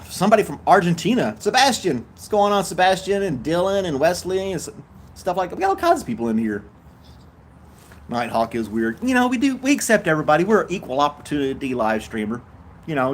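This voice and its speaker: A man's voice: a little high, slight background noise. Laid-back older Southern man. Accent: Southern US, Tennessee. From Tennessee, USA. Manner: laid-back, chuckles often, easygoing drawl. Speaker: live-stream host. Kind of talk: casual live-stream chat, reading viewer comments.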